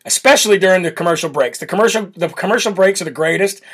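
A man's voice: high-pitched, quick pace, a bit bright, breathy edge. A man hosting a political talk show, brash and mocking, laughing often as he reads viewer comments. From United States. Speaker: host. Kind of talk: political talk show, reading live chat.

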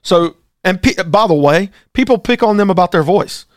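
A man's voice: high voice, lively intonation, normal speed, no echo. Emphatic pastor man, dry close sound. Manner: opinionated, emphatic, rhetorical questions. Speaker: co-host, pastor. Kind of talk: casual talk show commentary.

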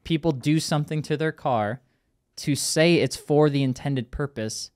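A man's voice: on the high side, a little slow, darkish tone. A young man hosting a car podcast, talking in a laid-back, teasing, profane casual chat. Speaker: podcast host.

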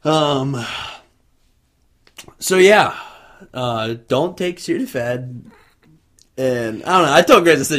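A man chats casually on a video podcast set, telling a story from his own life. His pitch climbs and dips a lot, and he keeps breaking into laughter as he talks. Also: lively intonation, takes it slowly, long pauses, fairly bright tone. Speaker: podcast co-host.

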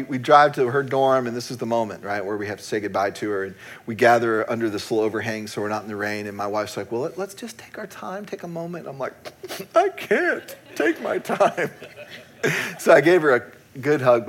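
A man's voice: on the low side, fairly quick. A middle-aged man, a pastor, preaching a sermon and telling a personal story in a candid, self-deprecating way, often laughing at himself.

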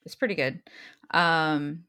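A woman's voice: sits low, slow pace, sharp tone, smooth. A woman co-hosting a podcast, chatting casually in an easygoing way with frequent laughter. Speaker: podcast co-host. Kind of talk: casual chat.

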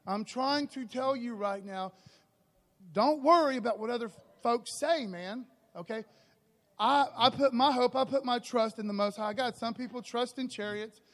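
A pastor with a high-pitched voice preaches in a loose, energetic way, dropping in "okay" and "man" between his lines. He delivers a sermon to his church. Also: normal speed.

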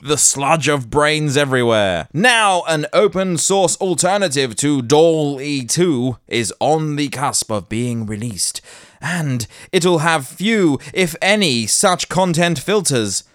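Male host, brisk news reader with a jokey streak, voice slightly high and very smooth, close and dry. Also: animated, fairly bright tone, no echo. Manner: playful, jokey, theatrical. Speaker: podcast host. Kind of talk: news reading with comic asides.

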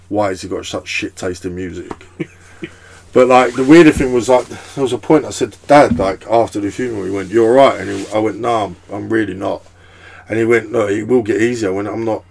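A young man hosts a relaxed podcast chat, rambling through his thoughts with plenty of fillers and the odd swear word. His voice sits low and has a gravelly, creaky edge. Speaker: podcast host. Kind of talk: casual chat.

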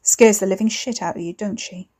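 A woman's voice: mid-range voice, steady tone, brisk, a little mellow, breathy edge, natural voice. A woman voicing a cocky young man who mocks and taunts his cousin over the phone. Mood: taunting. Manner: smug, mocking, drawling.

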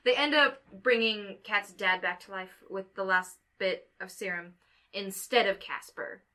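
A podcast co-host with a bright, forceful mid-range voice casually retells a film's plot at a measured pace, laughing often during the movie discussion.

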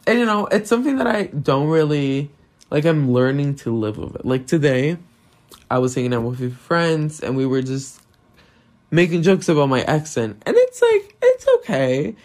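A man's voice: fairly high pitch, sing-song, normal speed, darkish tone. A young man with a non-native English accent, hosting a podcast in a candid, self-deprecating solo monologue and swearing often. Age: young adult. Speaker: podcast host.

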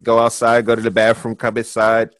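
A man's voice: mid-range voice, completely flat delivery, a little fast, fairly bright tone, no room sound. A man in a casual chat, laid-back and reacting with brief replies.

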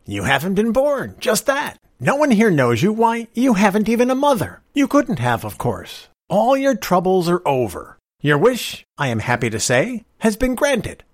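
Storybook figure: man voicing a stout, easygoing older stranger, higher and louder than the narrator, husky. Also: wildly swooping pitch, normal speed, no room sound, studio quality. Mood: delighted. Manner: easy, gently persuasive, gleeful bursts. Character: stout kindly older male stranger, quietly knowing.

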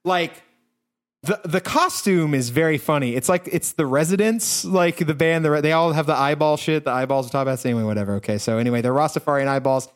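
A man with a slightly high voice recaps a movie on a podcast. He rambles and swears, filling every gap with "uh" and "like". The talk is casual and chatty. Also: brisk, smooth. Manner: rambling, profane, many fillers and restarts. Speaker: podcast co-host.

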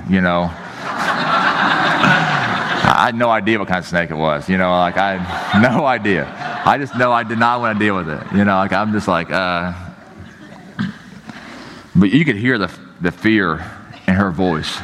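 A man's voice: deep voice, normal speed, long pauses, fairly bright tone, slight background noise. A man preaching a sermon as pastor, telling stories in a casual, joking way and often saying "you know, like". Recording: long hall reverb.

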